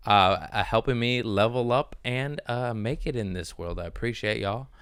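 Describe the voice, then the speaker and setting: A man's voice: lowish voice, normal speed, fairly bright tone, smooth, dry recording. A man hosting a comedy podcast, chatting casually and joking around. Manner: joking, rambling, throws in silly voices. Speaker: podcast host.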